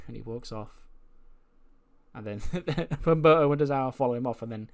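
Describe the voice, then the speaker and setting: A man's voice: medium pitch, normal speed, long pauses. A man narrating a wrestling management game in a chatty way, laughing often as he goes. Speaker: gaming video host.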